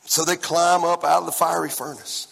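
A man in his forties preaching a lively sermon and talking straight to the congregation in a church hall. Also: fairly high pitch, normal speed, creaky. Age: 40s. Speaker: pastor. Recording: long church-hall reverb.

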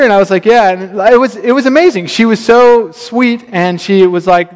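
Male pastor, high voice, storytelling sermon, self-deprecating, reverberant hall sound. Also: brisk. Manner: self-deprecating storytelling, animated quoted asides. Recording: long reverb of a church hall.

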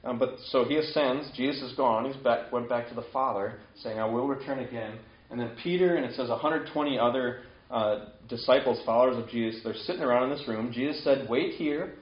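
A man's voice: medium pitch, a little fast. A man preaching a casual sermon, retelling scripture in a conversational way and acting out the quoted lines. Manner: conversational, acts out quoted lines with sudden lifts. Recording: echoey, dull lo-fi room sound.

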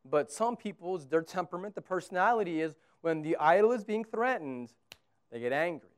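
A man from Texas preaching a sermon as pastor, talking conversationally and swinging between loud emphatic bursts and quiet low lines. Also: animated, a little fast, clean tone.

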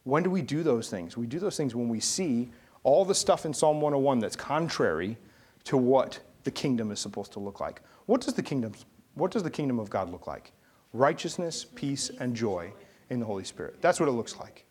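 A man's voice: mid-range voice, very animated, normal speed, darkish tone, husky. A middle-aged male pastor preaching a sermon, telling a story and rising into emphatic exhortation.

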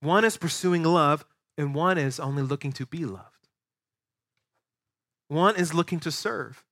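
A man, a pastor preaching a sermon to his church, animated and acting out voices of the people he describes. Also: a little high, measured pace. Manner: animated, acts out quoted voices. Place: church sanctuary.

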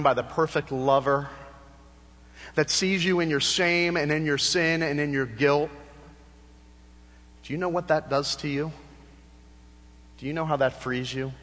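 A man's voice: on the high side, fairly bright tone, in a large hall. A male pastor preaching a sermon in a church, telling a story with passion and building to fervent appeals. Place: church sanctuary.

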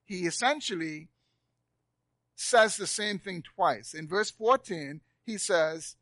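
A man preaching a sermon to a live congregation in a church, repeating words for emphasis and swinging between loud and soft. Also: high voice, slow, no room sound. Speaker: pastor.

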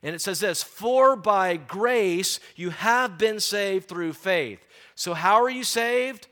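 A middle-aged man preaching a sermon, stressing key phrases slowly and often repeating words as he talks. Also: high voice, expressive, bright, forceful tone.

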